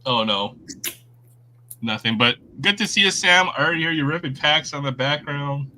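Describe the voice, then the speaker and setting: A man's voice: fairly high pitch, moderate pace, sharp tone, a little hiss or hum, rough recording. A man hosting a casual sports livestream, rambling with fillers and restarts. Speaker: host.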